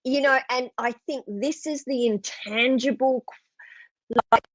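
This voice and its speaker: A woman's voice: sits high, a little slow, dry recording, muffled recording. A woman hosting an online interview, enthusiastic, with many restarts and fillers. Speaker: host.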